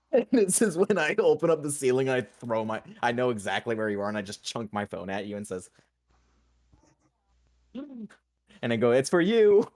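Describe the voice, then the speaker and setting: A man's voice: medium pitch, lively intonation, fast, dry recording. Laid-back male player, dry close sound. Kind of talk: casual tabletop play.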